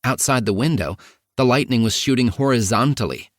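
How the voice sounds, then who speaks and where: A man narrating a first-person memoir audiobook in a measured, even reading. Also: medium pitch, no room sound, studio quality.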